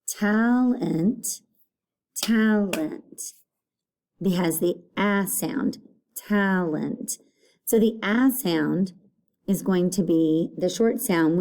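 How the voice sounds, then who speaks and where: A woman teacher giving a recorded phonics lesson, patient and repeating each word clearly. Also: fairly low pitch, a little mellow.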